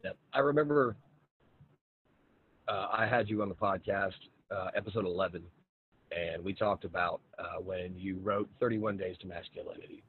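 Deep-voiced man over a tinny line. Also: normal speed. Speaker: podcast host. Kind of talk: casual conversational interview. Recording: tinny phone-like line with faint hiss.

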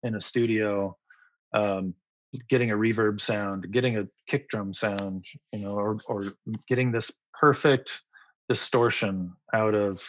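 A man's voice: on the low side, fairly even intonation, measured pace, fairly bright tone, no echo. Rambling, enthusiastic man with a dull, dry sound. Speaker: musician guest. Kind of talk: casual interview.

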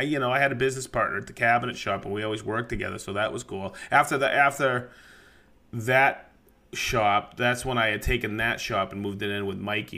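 A man telling a near-miss woodworking story on a podcast in a lively, profane, laughing manner. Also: mid-range voice, vocal fry.

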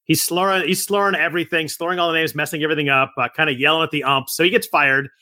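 A man appearing as a podcast guest, telling stories in a rapid, chatty, loose way. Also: fairly high pitch, fairly even intonation, bright, forceful tone, no echo, clean studio sound. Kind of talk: casual podcast chat.

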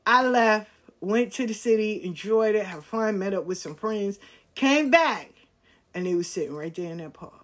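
A woman's voice: mid-range voice, normal speed. A woman telling a personal story in casual, slangy talk, acting out the voices of people she quotes. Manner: animated, acts out quoted voices, slangy and frank.

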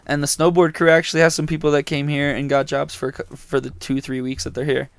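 Gravelly young man, relaxed and swearing. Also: fairly high pitch, fast, no room sound. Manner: laid-back, swears casually. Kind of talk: casual group chat. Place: camper van at a campsite.

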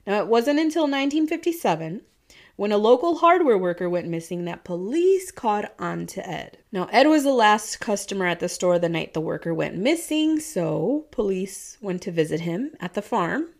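In a sing-song, mid-range voice at normal speed, a woman tells a true-crime story, chatty and casual, with frequent swearing and laughter. She has a Midwestern American accent mixed with a Southern twang.

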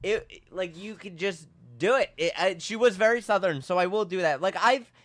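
A man co-hosting a podcast, telling a story in a casual, animated, self-mocking way. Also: high-pitched, moderate pace. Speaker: podcast co-host.

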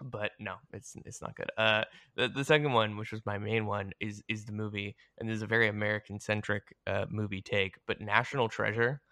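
A man's voice: fairly low pitch, fairly even intonation, brisk, hardly any pauses, sharp tone, no echo, studio quality. A man co-hosting a casual podcast, swearing often and delivering blunt hot takes. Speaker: podcast co-host.

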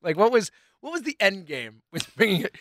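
A man's voice: sits high, big pitch swings, fairly bright tone, no echo, clean studio sound. A man co-hosting a podcast, teasing his friend and joking in casual chat. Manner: teasing, laughing, quick jokes. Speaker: podcast co-host.

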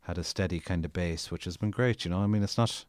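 Deep-voiced Irish man reading theatrically. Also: quick pace, a little mellow, smooth, no room sound, clean studio sound. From Ireland. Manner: theatrical, dramatic reader; rambling, chatty storyteller with restarts. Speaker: author and podcast guest. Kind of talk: reading his own fiction, then relaxed conversation.

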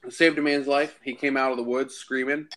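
A man's voice: medium pitch, brisk. A man co-hosting a casual podcast, telling a game story and acting out the characters' lines. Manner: animated, acts out characters' lines in raised voices. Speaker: podcast co-host.

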